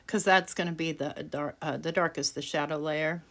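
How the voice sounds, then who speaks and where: In this casual craft demonstration voice-over, a woman with a low voice and steady tone speaks at a moderate pace. She hosts a craft tutorial, chatting casually and poking fun at herself as she works, laughing often.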